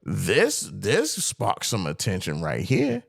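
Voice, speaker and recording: Lively gravelly male podcast co-host. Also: on the low side, slow pace, no echo, studio quality. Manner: animated, argumentative, quotes others in put-on voices. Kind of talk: casual debate chat.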